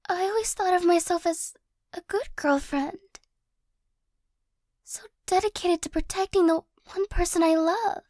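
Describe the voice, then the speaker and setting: In an ASMR role-play, a woman plays a remorseful young ex-girlfriend, apologizing hesitantly and haltingly with nervous little laughs. She uses a full character voice that is very high with a darkish tone. The recording is dry.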